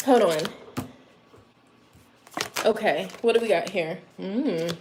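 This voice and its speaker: High-pitched woman, tarot reader, casual direct-to-camera reading, repetitive and chatty. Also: animated, drawn-out words, pauses often, a bit bright, slight background noise. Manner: direct, repetitive, addresses listeners as a sign; chatty asides, laughs at herself.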